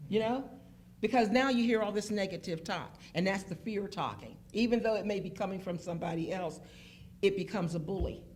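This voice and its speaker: A woman from Pittsburgh speaks in a lively, emphatic way, like someone telling stories to a group. Her voice sits in a middle pitch. A faint hum runs underneath. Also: a little fast. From Pittsburgh, Pennsylvania. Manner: animated, emphatic storyteller who acts out quotes. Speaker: phlebotomist guest. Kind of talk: casual panel chat.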